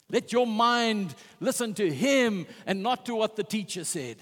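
A man's voice: high-pitched, animated, measured pace, hardly any pauses, a bit bright, big-room sound. A man preaching a sermon with passion, retelling scripture and quoting its figures. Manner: impassioned, retelling scripture with quoted voices.

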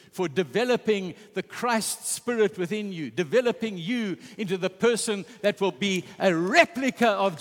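A man's voice: high voice, in a large hall. A man preaching a sermon with passion, retelling scripture and quoting its figures. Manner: impassioned, retelling scripture with quoted voices.

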